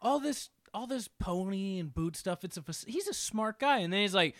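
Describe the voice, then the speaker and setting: Bright, higher-voiced young man on a dry mic. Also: animated, normal speed, dry recording. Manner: sarcastic, mock-insulting banter. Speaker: podcast guest. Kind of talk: casual comedic podcast chat.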